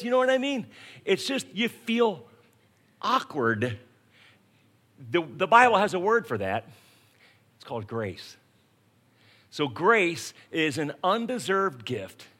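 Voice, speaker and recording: A man preaching a sermon, telling everyday stories and acting out scenes to make his point. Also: on the high side. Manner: storytelling, animated, acts out scenes. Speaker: pastor.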